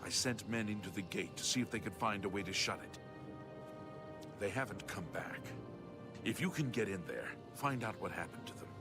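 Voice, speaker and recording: A man's voice: on the low side, normal speed, music in the background, natural voice. An actor playing a weary male guard captain in a video game, speaking grimly and urgently. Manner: grim, urgent.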